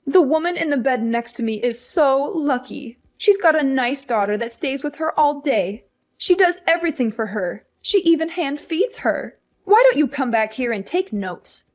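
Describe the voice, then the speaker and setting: A woman's voice: high voice, lively intonation, normal speed. A woman voicing a demanding, guilt-tripping older mother in a hospital bed, in a scripted story drama, with a scolding, condescending manner. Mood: indignant. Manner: scolding, condescending, self-pitying.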